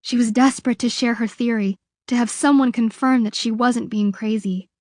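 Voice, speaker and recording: A woman narrating an audiobook in a measured, expressive reading. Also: on the high side, dry recording, studio quality.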